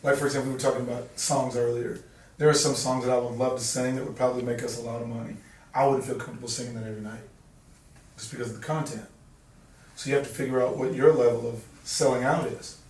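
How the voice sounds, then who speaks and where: Man, singer guest, laid-back, joking, plainspoken, mid pitch, echoey distant mic. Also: steady tone, quick pace, a little mellow. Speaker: singer-songwriter and actor guest. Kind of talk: relaxed interview chat. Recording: roomy sound from a distant mic.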